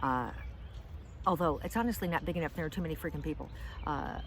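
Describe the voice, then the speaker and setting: Speaking fast in a low voice, this middle-aged woman from the United States rambles through a self-deprecating tale outdoors in a park. The casual vlog by this comedian and vlogger is full of fillers and restarts, with slight background noise.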